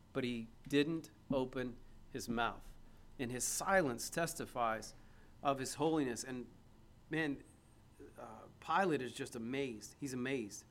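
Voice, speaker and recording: A man preaching an emphatic sermon, reading scripture aloud and putting rhetorical questions to his listeners. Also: a little high.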